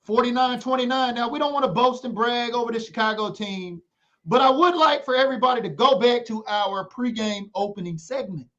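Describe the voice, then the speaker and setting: High-voiced hyped sports podcaster man. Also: fairly quick, a bit bright. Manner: hyped, playful trash talk. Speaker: podcast co-host. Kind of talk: casual sports talk. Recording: dull lo-fi audio.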